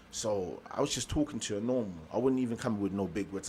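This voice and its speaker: A man's voice: fairly low pitch, fast talker, few pauses, a little hiss or hum. A young man from Germany, a motivational speaker telling his story in a casual interview, acting out the voices of people he quotes. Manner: animated storyteller, acts out quoted dialogue.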